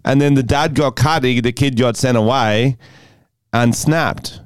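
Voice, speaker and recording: A man's voice: medium pitch, a little slow, clear, resonant tone, no echo, clean studio sound. A man co-hosting a podcast, rambling through crude comedic banter, laughing often and slipping into silly voices as he tells a story. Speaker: podcast co-host.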